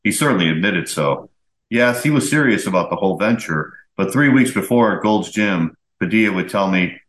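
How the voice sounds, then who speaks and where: Low-voiced guy reading old mag articles on his podcast, steady and measured, echoey room. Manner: steady, measured storytelling read. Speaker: podcast host. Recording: roomy echo.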